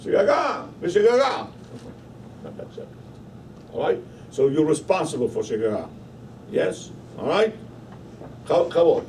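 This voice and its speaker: A man's voice: mid-range voice, big pitch swings, normal speed, pauses often, dark tone. A man teaching a Torah class in a study hall, emphatic and constantly questioning his listeners. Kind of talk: Torah lesson. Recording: voice from a distance, faint room noise.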